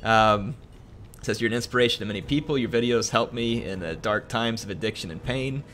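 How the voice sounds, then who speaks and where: A young man on a gaming stream reading a viewer's message aloud, halting and emotional, full of ums, earnest and grateful. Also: medium pitch, a bit bright, slight background noise. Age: young adult.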